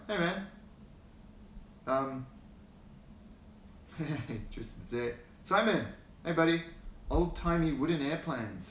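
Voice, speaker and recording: A man's voice: mid-range voice, a bit bright, roomy sound, a little hiss or hum. An Australian man hosting a casual livestream, rambling and chuckling as he greets viewers by name, talking into a phone held in his hand. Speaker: hobby channel host.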